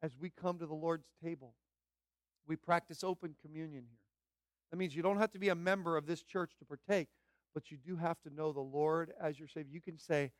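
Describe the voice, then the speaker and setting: Pastor guy preaching hard, kinda high voice, repeats lines louder and louder, dry sound. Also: steady tone, fairly quick, no echo. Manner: fervent preaching, builds to loud emphatic repetition. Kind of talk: sermon.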